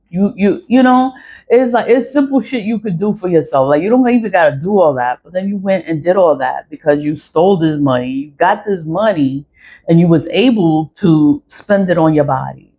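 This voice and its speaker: A woman's voice: deep voice, mellow. A woman ranting to camera in a casual vlog, blunt and frustrated, swearing often and repeating phrases for emphasis. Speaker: vlogger.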